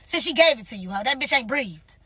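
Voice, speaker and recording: A woman's voice: sits high, animated, brisk, sharp tone, slightly rough. A woman in mocking someone with a string of profane insults. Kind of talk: heated clapback rant.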